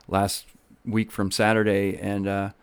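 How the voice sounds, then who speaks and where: A musician guest chatting casually, hesitant and hedging with lots of fillers. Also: male voice, fairly low pitch, completely flat delivery, measured pace, clean tone, no echo. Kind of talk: casual interview chat.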